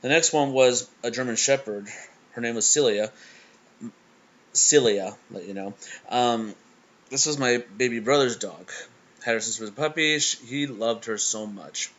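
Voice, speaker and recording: A young man hosting a reaction video, telling a personal story in a halting way with stammering restarts. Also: mid-range voice, fairly bright tone, muffled recording. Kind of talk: casual emotional storytelling.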